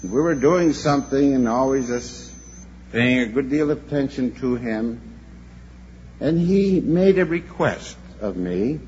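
An older man gives a sermon at a church convention, unhurried and earnest. He stumbles and repeats a word now and then as he tells his story. The recording is dull and lo-fi, with a faint hum behind him. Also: medium pitch, lively intonation, darkish tone.

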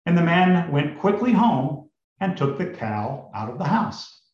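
Slow, animated male preacher. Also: a little high. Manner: storytelling, addresses the congregation. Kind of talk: sermon with told fable. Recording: roomy, slightly dull recording.

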